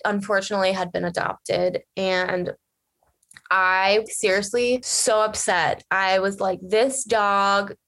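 A young woman talks straight to her viewers in a casual, gushing rush, with fillers in nearly every phrase. Her voice sits at an ordinary middle pitch for a woman. She sounds like a vlogger telling a personal story. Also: fairly bright tone. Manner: chatty, fast and gushing, many fillers. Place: lives in Los Angeles area.

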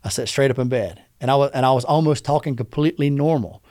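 A man's voice: medium pitch, quick pace, a little mellow, dry recording, studio quality. A man guest on a podcast, telling an emotional personal story in an earnest way and acting out the voices of the people he quotes.

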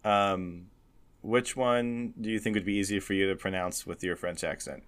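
Rambling, easygoing game master. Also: male voice, lowish voice, fairly even intonation, normal speed, a bit bright, clean tone. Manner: rambling, full of fillers and restarts, laughs often. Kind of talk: narrating a tabletop game.

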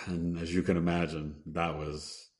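A man's voice: low voice, flat delivery, takes it slowly, fairly bright tone. A man who is a podcast guest, telling a personal story earnestly and acting out what people said. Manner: earnest, acts out quoted dialogue, trails off and restarts.

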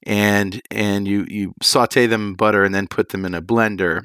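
A man co-hosting a cooking podcast, describing recipes in a rambling, relaxed way and laughing easily. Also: lowish voice, normal speed, clear, resonant tone, no echo, studio quality. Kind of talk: casual chat.

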